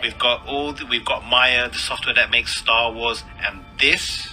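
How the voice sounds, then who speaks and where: Laughing, mocking man with a bright voice. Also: medium pitch, steady tone, unhurried, faint music behind, low-quality recording. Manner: mocking, laughing, mimics others. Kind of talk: casual video commentary.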